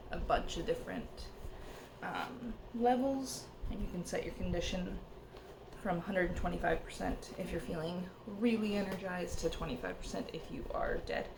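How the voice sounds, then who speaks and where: Gravelly-voiced woman vlogging casually. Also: on the low side, background noise. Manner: chatty, rambling asides. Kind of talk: casual vlog narration.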